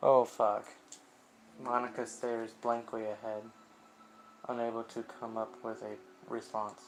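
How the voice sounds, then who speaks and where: A man streaming a visual novel game, reading the narration aloud and reacting live, unhurried and quick to swear when surprised. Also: mid-range voice, completely flat delivery, a little hiss or hum.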